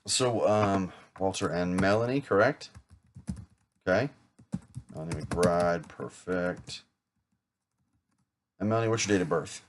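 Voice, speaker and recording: A man's voice: low voice, a little slow, long pauses, background noise. A man acting as an insurance agent in a practice sales role-play, talking casually with small jokes and self-corrections. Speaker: insurance agent rehearsing a client pitch.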